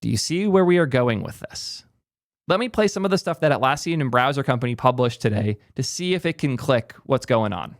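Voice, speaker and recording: A man's voice: medium pitch, expressive, dry recording, studio quality. A young man hosting a tech channel, giving opinionated, emphatic commentary in a ranting style. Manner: emphatic, ranting, rapid asides. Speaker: tech YouTuber host.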